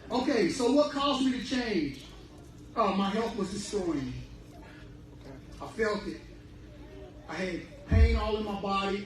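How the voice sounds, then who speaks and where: A man giving a lively sermon-style talk on health, preaching with spirit and acting out little dialogues. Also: sits high, background noise. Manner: preachy and animated, acts out voices. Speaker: speaker on fruitarian health. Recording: very echoey room, from far off.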